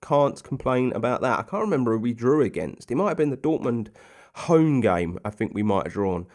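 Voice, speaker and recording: A man's voice: mid-range voice, big pitch swings, fairly quick, darkish tone. A young man casually commentating a football management game, chatty and rambling with plenty of ums and asides. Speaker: gaming commentator.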